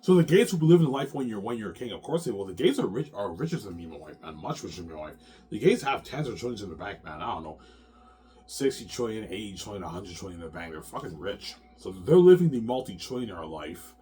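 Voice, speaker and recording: A man's voice: fairly low pitch, sing-song, fast talker, dark tone. A man in a rambling, agitated, profane monologue who keeps ending his phrases with "man.".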